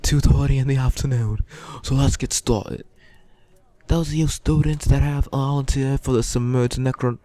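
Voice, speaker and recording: A man's voice: medium pitch, dark tone, no room sound, pitched above the performer's own voice, lightly acted. A man voicing a perky young female school announcer with a Cockney accent, reading a game aloud.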